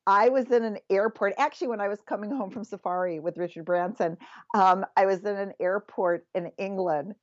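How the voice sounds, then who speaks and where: A woman's voice: mid-range voice, brisk, dry recording. A woman guest on an interview, talking enthusiastically and telling success stories. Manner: enthusiastic, storytelling. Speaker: guest, self-help author. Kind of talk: casual interview chat. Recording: slightly dull lo-fi audio.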